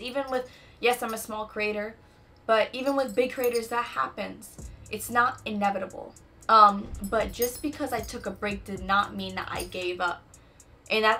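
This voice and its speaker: Young woman, bright, casual faith talk with lots of fillers, faint noise behind. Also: mid-range voice. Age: young adult. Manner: chatty, frequent fillers like "you know what I'm saying". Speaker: podcast host. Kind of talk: casual faith-based monologue.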